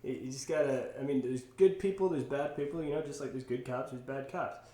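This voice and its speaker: A man's voice: medium pitch, brisk. A man in his twenties, a podcast guest, telling a story in casual, profane speech with frequent laughter. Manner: animated, profane, laughs often. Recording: roomy echo.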